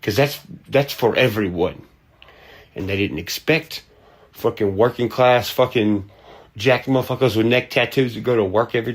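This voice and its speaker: Profane, heated man. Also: mid-range voice. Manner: profane, heated, mocking voices and humming. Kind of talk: profane ranting monologue.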